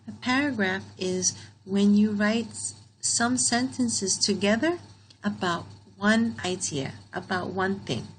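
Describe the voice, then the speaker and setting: A woman walks through a grammar lesson at an unhurried pace, reading example sentences aloud and repeating them for her students. Her voice sits at an ordinary pitch for a woman, and a faint hiss of background noise runs under the recording. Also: darkish tone, poor audio. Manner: patient, explains slowly, repeats example sentences. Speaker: teacher.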